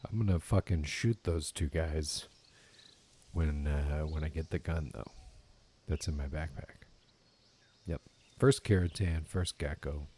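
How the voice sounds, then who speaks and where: A man's voice: a bass voice, measured pace, warm tone, breathy edge. A man giving casual let's play commentary while gaming, rambling and swearing casually. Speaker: gaming YouTuber.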